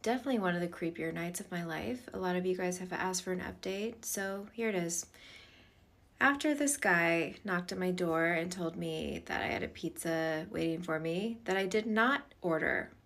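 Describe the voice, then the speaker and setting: A woman's voice: on the low side, vocal fry, a bit bright. A woman telling a creepy personal story to her viewers in a chatty, candid way, acting out what people said. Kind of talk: casual storytime to camera. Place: hotel room at night.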